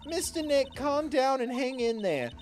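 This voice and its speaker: A man doing a high sweet little girl. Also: expressive, measured pace, faint music behind. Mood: earnest. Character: small polite young girl.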